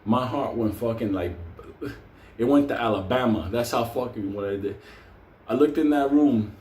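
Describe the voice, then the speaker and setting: A man's voice: medium pitch, moderate pace, a little mellow, reverberant. A man telling a wild story in a rowdy, profane way, often laughing as he talks.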